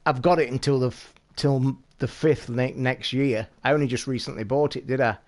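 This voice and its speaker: A UK streamer speaks directly to viewers with a British English accent, his voice sitting at an average middle pitch for a man. The chat is casual, swear-laden throughout, quick to excite, and hurried.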